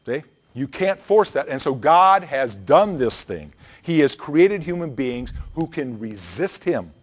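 An earnest male pastor delivering a sermon in a mid-pitched voice. He presses his points with emphatic repetition and explains scripture line by line. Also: very animated, a little slow. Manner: earnest, emphatic preaching with repeated phrases.

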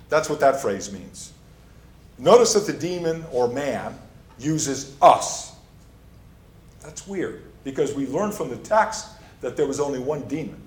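A man's voice: mid-range voice, a little slow. A male pastor preaching a sermon, stressing and repeating his key points as he teaches. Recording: echoey room.

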